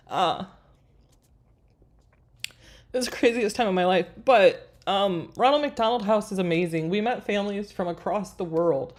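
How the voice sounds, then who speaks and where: A woman in her forties hosting a live craft design stream, chatting with viewers as friends while she works through a tutorial. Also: fairly low pitch. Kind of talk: live screen-share tutorial with viewer chat.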